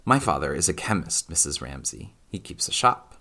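Man doing awkward young scholar, stiff, self-conscious, deep voice, audiobook. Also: lively intonation, normal speed, pushed and bright, full character voice.

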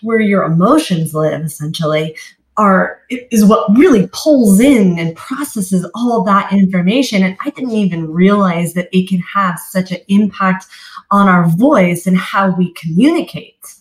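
A woman's voice: mid-range voice, unhurried. A woman hosting an interview, chatting casually and rambling a little, with many restarts. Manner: rambling, many "I mean" and "you know" restarts. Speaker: podcast host. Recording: roomy echo.

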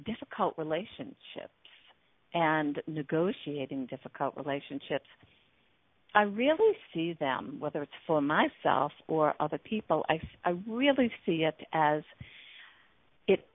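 A woman's voice: sits low, animated, unhurried, pauses often, no echo. A woman hosting an internet radio talk show as a relationship coach, speaking earnestly with many fillers and restarts. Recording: tinny dry phone line.

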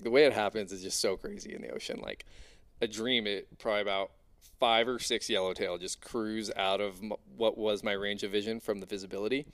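A young man casually telling an animated, excitable diving story, full of fillers. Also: fairly low pitch. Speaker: spearfishing diver guest.

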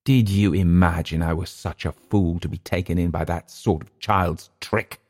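A man's voice: low voice, steady tone, moderate pace, a little mellow. A man doing a drunk jeering Englishman. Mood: contemptuous. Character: drunk, mocking young Englishman, taunting and giggly.

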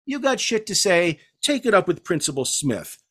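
A man reads out a hulking middle-aged bully in a storybook reading, his voice pushed up high and tight. He sounds gruff, dismissive and coarse, sneering at everyone around him. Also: sing-song, normal speed, a bit bright, heavily acted. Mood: hostile.

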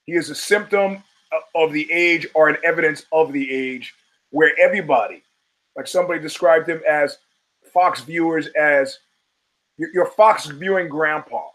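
A man's voice: a little high, normal speed, a bit bright, low-quality recording. A man hosting a solo podcast, talking in a wry, profane, digressive way with emphatic punches. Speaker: podcast host.

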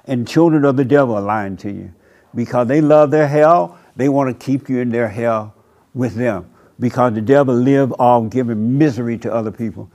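A man pastor preaching a sermon at a church service, with slow, emphatic, drawn-out phrasing. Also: mid-range voice, darkish tone.

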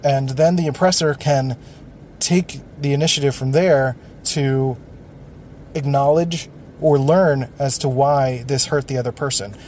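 A man's voice: mid-range voice, a little slow, a little mellow, a little hiss or hum. A man hosting a solo podcast, thinking aloud and rambling with many fillers and restarts. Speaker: podcast host.

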